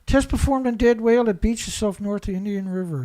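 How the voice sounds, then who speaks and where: A Canadian environmental commentator reads news reports aloud and tears into them with profane sarcasm. His voice is high-pitched and dark-toned, moving a little fast with few pauses.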